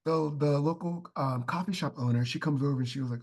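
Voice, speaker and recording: A man's voice: a little high, quick pace. A man, a podcast guest, chatting casually and telling heartfelt stories full of fillers. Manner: heartfelt storytelling, many fillers like "like".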